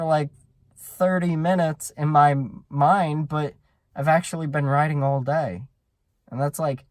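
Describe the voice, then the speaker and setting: A man's voice: on the high side, fairly even intonation, unhurried, dry recording, studio quality. A man hosting a solo podcast, talking in an earnest, rambling monologue full of restarts and fillers. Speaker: podcast host.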